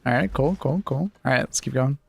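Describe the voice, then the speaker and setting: A man's voice: mid-range voice, brisk, vocal fry, breathy edge. A young man streaming a game in casual chat, laid-back, swearing freely and chuckling often.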